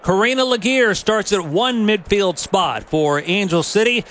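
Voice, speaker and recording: A man working as play-by-play announcer, reading starting lineups with crisp, informative broadcast delivery. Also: high voice, unhurried, a bit bright, slight background noise.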